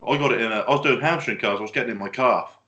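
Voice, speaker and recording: A man's voice: medium pitch, rapid-fire, bright, forceful tone, highs cut off. A man in a casual chat among friends, speaking plainly and matter-of-factly. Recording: echoey room.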